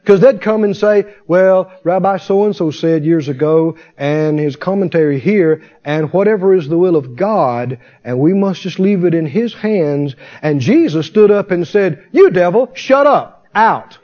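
In a dull lo-fi sermon recording, a man with a slightly high, mellow voice preaches fervently at a measured pace with few pauses. He fires rhetorical questions at his congregation and answers them himself.

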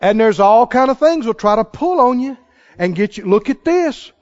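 Brief: male preacher, strikingly high voice, emphatic and repetitive sermon delivery, dull lo-fi recording. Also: expressive, normal speed. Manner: emphatic, repetitive, rising to exclamations.

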